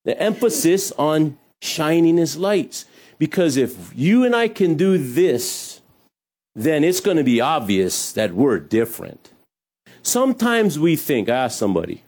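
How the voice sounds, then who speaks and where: A man's voice: a little high, sing-song, unhurried, darkish tone. A male pastor giving a conversational sermon with jokes and asides. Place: hot church room.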